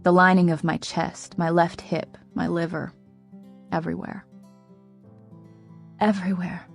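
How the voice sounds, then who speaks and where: Woman reading a calm, brave sick young man. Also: lowish voice, a little slow, gravelly, faint music behind. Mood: calm, regretful. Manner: calm, subdued, steadying. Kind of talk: audiobook character reading.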